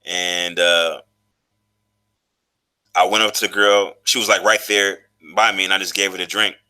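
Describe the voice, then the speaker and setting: A man's voice: sits low, level tone, normal speed, pushed and bright, smooth. A man in his thirties telling a personal story in a loose, profane, casual monologue, full of fillers and restarts. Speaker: vlogger.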